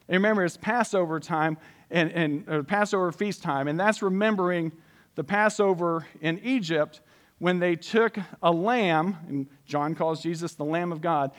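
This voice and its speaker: A man preaching a conversational sermon, reading scripture aloud and explaining it, dropping his voice soft and slow for emphasis. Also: on the high side.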